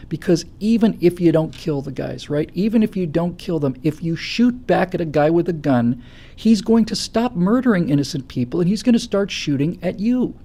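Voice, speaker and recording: Gravelly guy ranting on his talk show, dark low-key tone, trips over his words then gets loud. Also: expressive, normal speed. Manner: forceful, stammering restarts, rising to near-shouting. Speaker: show host. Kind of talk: impassioned political commentary.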